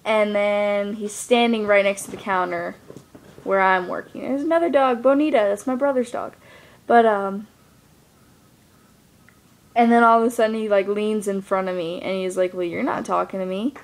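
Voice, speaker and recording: A woman's voice: medium pitch, moderate pace, pauses often. A young woman speaks casually into her camera, rambling through a personal story. Her talk is loose and full of fillers, with a middling voice. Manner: rambling, lots of fillers like "like" and "you know". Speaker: vlogger.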